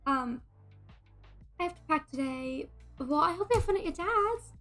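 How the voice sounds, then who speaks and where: Bubbly high-voiced woman streamer. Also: expressive, moderate pace, a bit bright, soft background music. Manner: bubbly, greets and thanks viewers by name. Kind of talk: casual live-stream chat.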